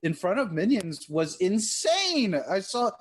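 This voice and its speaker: A man's voice: sits high, sing-song, unhurried, breathy edge. A man, a writer co-hosting a podcast, rambling in casual chat and giggling as he corrects himself.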